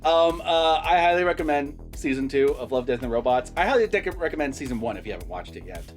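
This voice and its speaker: An animated young man hosts a casual review vlog, his voice sitting a little high and starting to wear thin as he nears losing it. He talks loosely, swearing and laughing between thoughts, with faint music under him. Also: fast talker. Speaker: host.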